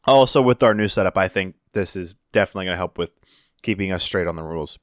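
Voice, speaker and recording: A man co-hosting a casual podcast, excitable and swearing freely as he calls drinking shots. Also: low voice, fast talker, no room sound, studio quality. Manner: profane, excitable, cheering and calling shots. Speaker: podcast co-host.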